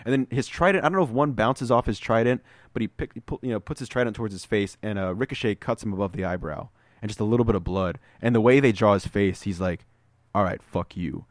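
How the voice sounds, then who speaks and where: Fast-talking man retelling comics. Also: lowish voice, dry recording, studio quality. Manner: animated storyteller acting out comic scenes. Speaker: podcast co-host. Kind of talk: casual chat.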